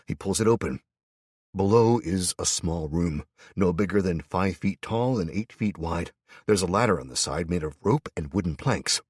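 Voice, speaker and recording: A man's voice: sits low, animated, normal speed, breathy edge, dry recording, clean studio sound. A middle-aged man narrating an audiobook in first person with tense, dramatic storytelling.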